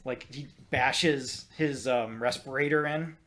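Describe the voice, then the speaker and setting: A man co-hosting a podcast in casual chat, animated and exasperated, swinging from loud outbursts to low muttering and swearing freely. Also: takes it slowly. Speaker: podcast co-host.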